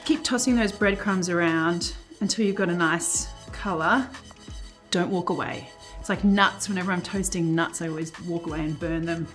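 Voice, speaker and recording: A woman talks through a recipe at the stove, relaxed and chatty, with plenty of ums and likes. Her voice sits at an ordinary middle pitch, with a pan sizzling and soft music playing under her. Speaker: cooking show host. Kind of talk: casual cooking demonstration. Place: home kitchen.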